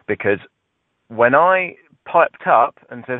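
Speaking slowly at medium pitch, this podcast co-host from Britain has a southern English accent, captured in a dry recording with tinny phone-line sound. He's wry and animated, relating a self-mocking story during casual chat.

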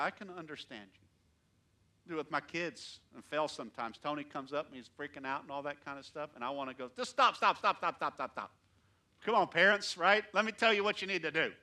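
Bright-voiced animated male pastor preaching. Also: fairly high pitch. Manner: animated preaching, swinging from loud emphasis to soft asides. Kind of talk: sermon. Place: church.

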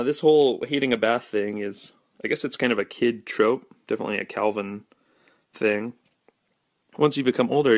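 A young man hosting a podcast, rambling through comic-strip commentary with deadpan jokes. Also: fairly low pitch, gravelly, no room sound, studio quality. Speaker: podcast host.

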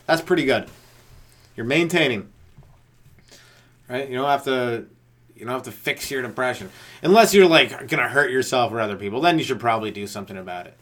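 A man's voice: mid-range voice, animated, fairly bright tone. Rambling man riffing stand-up. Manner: rambling, profane, tangent-chasing; slips into quick voices of others. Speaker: stand-up comedian and podcast host. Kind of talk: improvised solo comedy rant.

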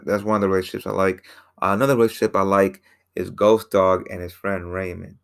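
Casting: low-voiced man with a gravelly edge, casual rambling film recap. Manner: rambling, repeats himself, many fillers. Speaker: film reviewer.

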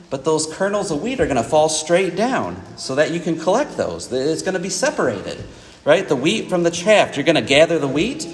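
A man preaches a sermon in a slightly raised voice. He talks through the text conversationally and repeats words as he goes. His voice rings out with a long hall reverb. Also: fairly high pitch.

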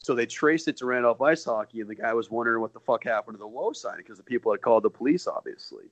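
A man's voice: mid-range voice, fast talker, no echo, poor audio. A man co-hosting a podcast, telling a story casually with loose phrasing and frequent restarts. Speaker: podcast co-host.

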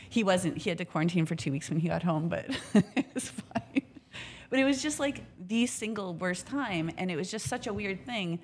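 A woman in a casual podcast chat, a restaurant business co-owner telling an animated, candid story and swearing now and then. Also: medium pitch, normal speed, a little hiss or hum.

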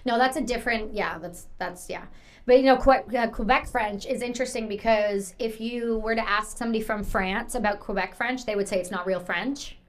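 Rambly canadian-raised woman host, a bit high, lots of likes and ums. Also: brisk. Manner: chatty and rambling, many fillers. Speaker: podcast host. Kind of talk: casual interview chat.

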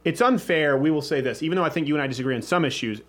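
A man's voice: a little high, racing, fairly bright tone. A man hosting a casual studio show, joking and rambling with frequent restarts. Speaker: host.

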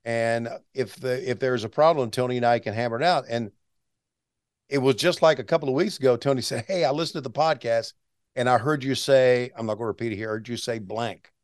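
A man's voice: mid-range voice, brisk, clear, resonant tone, no echo, clean studio sound. A man in his sixties, a veteran announcer, chatting as a guest and telling stories with restarts and chuckles. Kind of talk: casual interview storytelling.

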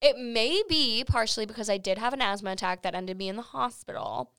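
A woman's voice: a little high, brisk, a bit bright, smooth, no room sound. Chatty, profane woman podcast host. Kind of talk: casual chat. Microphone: studio microphone.

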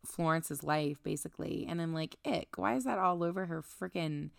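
Gravelly low-voiced woman, chatty recap. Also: normal speed, no echo, studio quality. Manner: chatty, recaps plot with quoted asides and frequent "like". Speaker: podcast co-host. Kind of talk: casual book discussion.

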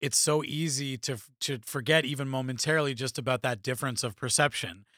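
A man's voice: medium pitch, fairly even intonation, a little fast, fairly bright tone, dry recording, clean studio sound. A man in his thirties, a podcast co-host, asking thoughtful questions in a casual chat and laughing easily.

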